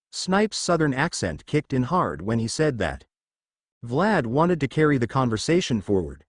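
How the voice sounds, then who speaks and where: Guy reading a fan fic story out loud, voice bounces up and down a lot, dry close recording. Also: medium pitch, sing-song, moderate pace, no echo. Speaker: fan fiction narrator. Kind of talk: scripted story narration.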